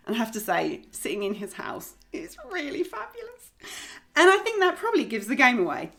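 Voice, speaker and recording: A woman's voice: a little high, very animated, a little fast, a bit bright, soft background music. Chatty woman hosting a podcast. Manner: chatty, friendly, laughs easily. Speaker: podcast host. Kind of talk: conversational podcast interview.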